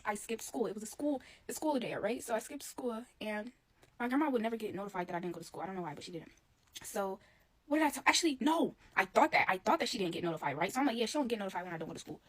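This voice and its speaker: A woman's voice: a little high, lively intonation, fast, dry recording, low-quality recording. A woman telling a casual storytime, chatty and talking straight to her viewers. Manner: chatty, addresses viewers directly.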